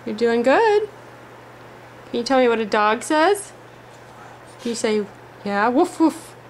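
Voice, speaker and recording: A parent in a home video, patiently coaxing a toddler in a sing-song way. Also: female voice, fairly high pitch, very animated, takes it slowly, slight background noise.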